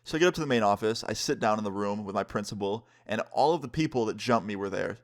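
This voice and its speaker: A man's voice: on the low side, lively intonation, quick pace. A young man vlogger telling a story time in a laid-back, casual way, swearing freely.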